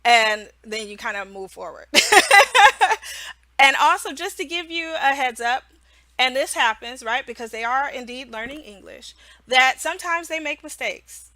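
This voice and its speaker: A woman's voice: high-pitched, lively intonation, moderate pace, sharp tone, dry recording. A woman who teaches English online, giving casual how-to tips in a chatty way, often checking in with "right?" and laughing.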